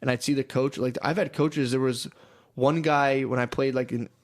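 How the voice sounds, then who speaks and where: Profane laughing young podcast host. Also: male voice, mid-range voice, steady tone, moderate pace. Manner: profane, joking, laughs often. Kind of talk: casual crude chat.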